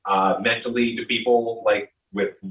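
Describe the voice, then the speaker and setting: A man with a low, bright voice explains his point earnestly. He sounds distant from the microphone, with a roomy echo around him. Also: steady tone, a little slow. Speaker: social media staff of education program. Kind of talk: casual podcast conversation.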